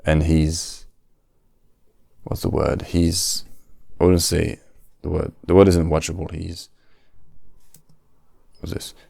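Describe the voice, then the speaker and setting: A man's voice: low-pitched, flat delivery, slow pace, vocal fry, pauses often, warm tone, no room sound, clean studio sound. A man, hosting a casual solo podcast, often stopping to search for words and restarting his sentences. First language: French. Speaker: podcast host.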